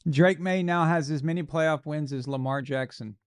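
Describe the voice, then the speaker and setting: A man hosting a live stream, reacting to a football game with jokes and excited, casual commentary. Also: fairly high pitch, moderate pace, clean tone. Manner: joking, excitable, swears casually. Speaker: livestream host.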